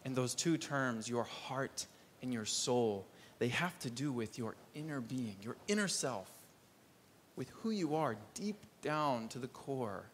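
A man preaching a sermon, earnest, lifting his voice for emphasis and dropping low to press his points home. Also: lively intonation, measured pace, a little hiss or hum.

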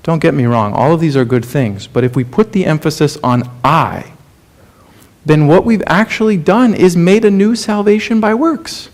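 Earnest preacher man, slightly high voice. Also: normal speed. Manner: earnest, rhetorical questions, drops to soft low delivery for emphasis. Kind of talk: sermon.

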